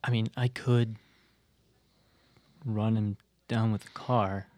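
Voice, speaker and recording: A man's voice: fairly low pitch, little pitch movement, slow pace, darkish tone. A man playing a formal, deferential British butler and chauffeur in an improvised comedy scene. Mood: deadpan.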